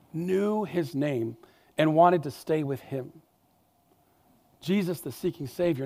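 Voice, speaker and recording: A male pastor delivering a sermon with an animated, emphatic tone and conversational asides. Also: on the high side.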